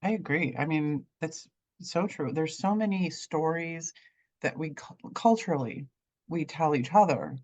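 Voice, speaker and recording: A woman hosting a wellness podcast who asks questions in a thoughtful, halting way. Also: low voice, expressive, darkish tone. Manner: thoughtful, hesitant phrasing with fillers. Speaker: podcast host. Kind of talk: interview questions.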